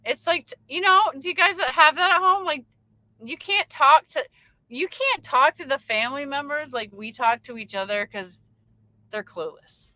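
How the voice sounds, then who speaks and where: A woman's voice: high voice, normal speed, bright, forceful tone, no room sound, rough recording. A woman, a truck driver, chatting casually on a late-night livestream and reading out viewer comments, rambling with lots of fillers.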